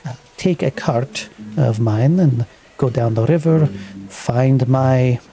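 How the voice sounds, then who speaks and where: A man's voice: medium pitch, slow pace, mellow. A man voicing a wary, haggling male merchant with many eyes, in a put-on foreign accent and hesitant speech full of fillers. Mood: confiding.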